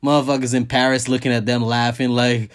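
A man hosting a podcast, ranting casually and profanely, jumping up high in pitch to stress his points. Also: fairly quick. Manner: profane, animated, jumps high in pitch for emphasis. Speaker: podcast host. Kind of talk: casual comedic rant.

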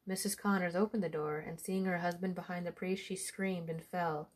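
Low-voiced woman reading a folk tale. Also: moderate pace. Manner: steady storytelling delivery. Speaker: storyteller.

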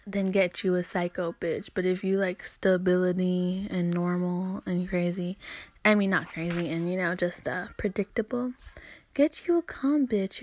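A woman's voice: mid-range voice, darkish tone, dry recording. A young woman podcaster ranting in a rambling, profane monologue, venting about her frustrations. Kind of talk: solo podcast rant.

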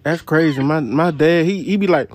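A young man hosting a casual podcast, telling profane stories into a phone voice memo app and jumping up high when he quotes people. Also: moderate pace, background noise. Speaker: podcast host. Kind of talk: casual chat, storytelling.

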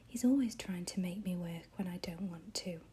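A woman's voice: lowish voice, normal speed, warm tone, a little hiss or hum, lightly acted. A woman voicing a lazy, naughty little male brownie, rude and cheeky, in whispered role-play.

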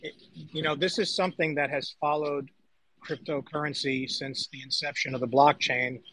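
A man's voice: fairly high pitch, level tone, normal speed, bright, forceful tone, slight background noise, poor audio. A man co-hosting a casual panel discussion, conversational as he leads and brings in guests. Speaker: podcast co-host.

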